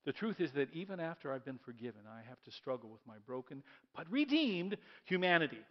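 High-voiced animated male preacher. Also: brisk, highs cut off. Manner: animated preaching, repeats phrases, leads congregation in reading. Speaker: pastor. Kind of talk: sermon. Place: church.

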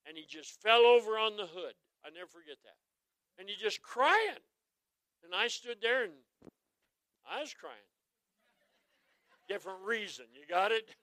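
A man preaching a humorous sermon, telling folksy stories and asking the crowd to answer him, swinging from quiet asides to loud exclamations. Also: high voice, lively intonation, unhurried, pauses often, no echo, poor audio. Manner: folksy, joking, asks the crowd for responses. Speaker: traveling evangelist.

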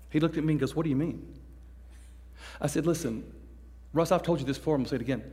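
A man preaching a story-driven sermon as a youth pastor, acting out voices and swinging from hushed to loud. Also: medium pitch, racing, long pauses. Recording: long echo of a large hall.

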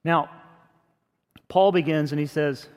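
A man preaching a sermon in a conversational way, growing louder and higher when he makes a point. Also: steady tone, takes it slowly, long reverb tail. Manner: conversational preaching, rises in pitch and force when emphatic. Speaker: pastor.

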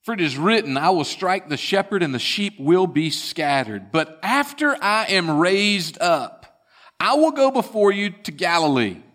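A man preaching in a church, his voice bright and edged. He talks slowly and deliberately, telling scripture as drama and dropping to a hush for the weighty moments. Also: sits high, big pitch swings. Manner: dramatic storytelling, retelling scripture with swings from loud to hushed. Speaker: pastor. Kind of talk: sermon.

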